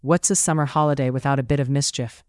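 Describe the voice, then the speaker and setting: An audiobook narrator voicing a lively, mischievous young woman who talks eagerly and playfully. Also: medium pitch, fast talker, close to an everyday voice. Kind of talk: audiobook character voice.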